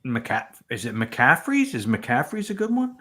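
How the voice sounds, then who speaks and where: A man's voice: medium pitch, wildly swooping pitch, measured pace, a bit bright. A man co-hosting a casual livestream, chatting easily and reading out viewer comments in a rambling way. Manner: easygoing, rambling. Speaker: livestream co-host.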